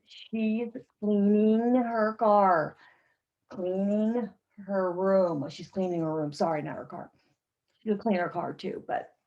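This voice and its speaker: A woman's voice: fairly low pitch, darkish tone, poor audio. A woman teaching an English pronunciation lesson to a class, carefully modeling short sentences for learners to repeat.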